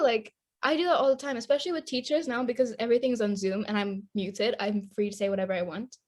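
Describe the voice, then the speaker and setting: Chatty teenage girl, high voice. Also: fairly even intonation, fast, few pauses. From Indonesia. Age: teens. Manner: chatty, rambling, laughs often. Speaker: podcast co-host. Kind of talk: casual chat.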